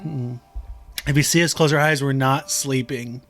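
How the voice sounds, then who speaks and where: A young man co-hosting a late-night podcast with loose, rambling, giggly chatter. His pitch sits in an ordinary middle range, and soft music plays faintly behind him. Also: steady tone, normal speed. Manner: giggly, rambling, chaotic banter. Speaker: podcast co-host. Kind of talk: casual chat.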